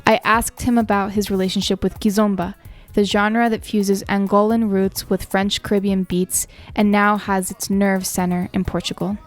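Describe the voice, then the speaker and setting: A woman's voice: medium pitch, little pitch movement, moderate pace, faint music behind. A woman giving a scripted documentary narration as the interviewer.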